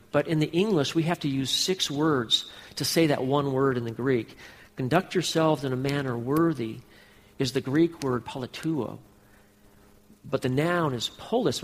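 Preaching man in a reverberant hall. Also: fairly high pitch. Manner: earnest preaching, direct address to the congregation. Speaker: pastor. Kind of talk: sermon.

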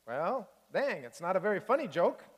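A man's voice: sits high, very animated, moderate pace, voice pushed up. A man voicing a blunt, honest male cowboy with a folksy drawl in a read-aloud storybook, in a reverberant hall. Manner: folksy drawl with "dang" and "ain't".

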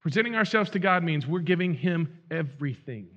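A man's voice: on the high side, animated, a little fast, a bit bright, dull audio. A male pastor preaching a sermon, earnest and pleading, repeating phrases and restarting his sentences.

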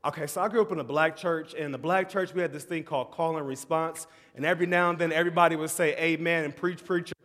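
Animated preacher man in a reverberant hall. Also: fairly high pitch, fast, few pauses. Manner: swings from shouting excitement to hushed, tender tones; calls out to the audience as "y'all". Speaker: pastor. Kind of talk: sermon.

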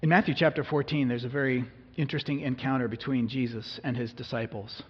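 A man's voice: medium pitch, fairly even intonation, fast talker, slightly rough. A male pastor preaching a sermon in a conversational way, often asking his listeners questions. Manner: conversational, asks the congregation questions. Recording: echoey hall, dull lo-fi sound.

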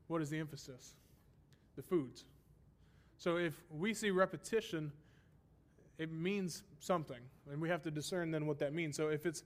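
Male Bible teacher, slightly high pitch, explanatory sermon delivery with emphatic repetition. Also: moderate pace, long pauses. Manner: explanatory, asks rhetorical "right?" often; stresses repeated phrases for emphasis.

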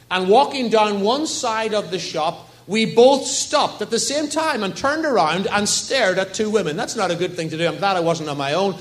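Male pastor, high-pitched, sermon in church, anecdotes, rhetorical questions. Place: church service.

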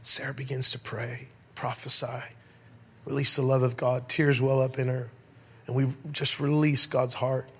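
A middle-aged pastor giving a sermon, telling stories in an animated way and calling out to his congregation. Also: medium pitch, measured pace, husky. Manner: animated storyteller, rhetorical calls to the crowd. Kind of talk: sermon with storytelling.

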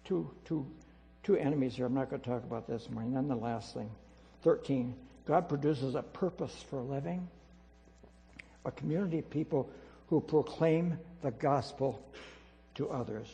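A man preaching a sermon as pastor, emphatic and repetitive, swinging between loud declarations and quiet asides. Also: medium pitch, normal speed, gravelly. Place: church sanctuary. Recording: reverberant hall with mains hum.

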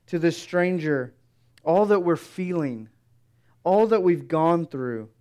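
A male preacher delivers an expository sermon in a measured, reflective manner, often pausing on rhetorical questions. His voice is smooth and resonant and sits a little high for a man. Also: darkish tone.

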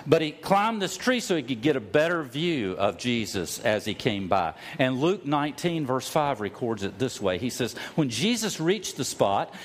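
Animated man preaching a sermon. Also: mid-range voice. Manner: storytelling preacher, slows for emphasis, rises to loud cries. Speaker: pastor.

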